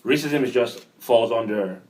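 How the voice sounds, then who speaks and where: A man's voice: medium pitch, normal speed, a little mellow, distant mic, low-quality recording. A man raised in Nigeria in a casual discussion, working through his point with hypotheticals.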